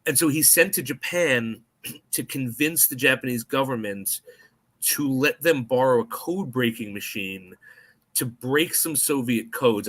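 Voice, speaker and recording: An American man co-hosting a podcast, chatting casually and eagerly about a spy film and slipping into quick mock voices. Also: medium pitch. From United States. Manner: animated, puts on mock voices in quotes. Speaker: podcast co-host.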